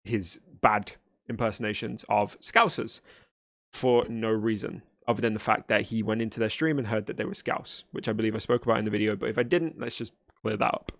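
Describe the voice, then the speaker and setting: A man's voice: on the low side, fairly even intonation, fairly quick, gravelly, a bit bright, no room sound, studio quality. A man reacting to a video, arguing back in a blunt, exasperated, lecturing way. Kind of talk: argumentative reaction commentary.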